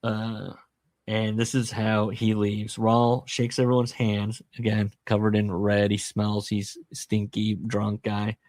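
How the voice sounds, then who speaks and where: A man's voice: fairly low pitch, completely flat delivery, takes it slowly, darkish tone, no echo. A man hosting a podcast, casually retelling a book's plot with jokey, self-deprecating asides. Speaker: podcast host. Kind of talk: casual book-discussion chat.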